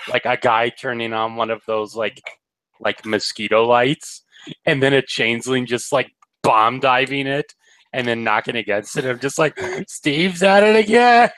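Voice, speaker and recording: Young male co-host, relaxed chat, plain middle voice, dry mic. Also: medium pitch, normal speed, no room sound, rough recording. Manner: storytelling, slips into silly voices for jokes. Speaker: podcast co-host. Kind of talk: casual fan chat.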